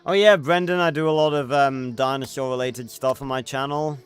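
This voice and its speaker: A man's voice: medium pitch, fairly even intonation, moderate pace, smooth, faint music behind. Chatty male streamer rambling over gameplay. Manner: chatty, rambling with many fillers. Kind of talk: casual gameplay livestream chat.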